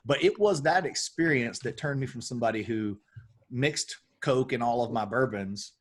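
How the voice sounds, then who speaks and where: A man's voice: mid-range voice, moderate pace, slightly rough. Southern-accented man spinning a story. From Alabama, US. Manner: animated storyteller, self-deprecating. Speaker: guest, game designer. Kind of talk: casual chat.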